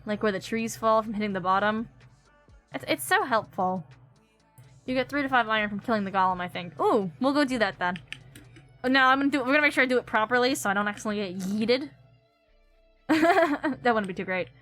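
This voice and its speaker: A woman's voice: fairly high pitch, fairly bright tone. A young woman streaming a game, chatting casually and giggling as she thinks aloud. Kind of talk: casual gameplay commentary.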